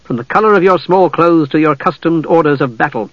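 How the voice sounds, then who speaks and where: A narrator puts on a grave warrior pleading urgently with proud knights, his voice lifted higher and pressed harder than the narration. The storybook reading sounds dull and dry, with the close, dead quality of a small booth. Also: fast talker, no room sound, lightly acted. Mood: urgent warning. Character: grave male warrior warning stern knights.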